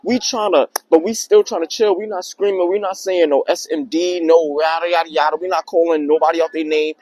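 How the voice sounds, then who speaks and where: Young man, high voice, slangy, animated, casual story vlog. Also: brisk, dry recording, low-quality recording. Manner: slangy, animated retelling with acted quotes. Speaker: vlogger telling a personal story.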